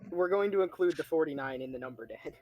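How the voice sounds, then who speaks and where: A man's voice: fairly high pitch, fast talker, a little mellow. Amused man running a tabletop game. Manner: amused, chatty, laughs often. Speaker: dungeon master. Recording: casual online voice chat.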